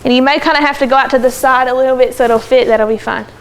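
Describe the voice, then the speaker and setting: A woman teaching a second grade phonics lesson in a classroom, brisk and encouraging as she calls on pupils by name. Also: sits high, steady tone, slight background noise. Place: classroom with children.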